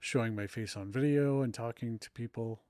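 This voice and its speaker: A man's voice: medium pitch, normal speed, a little mellow, dry recording, studio quality. A middle-aged man chatting casually with his live-stream audience while playing, self-deprecating and rambling. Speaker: streamer and author.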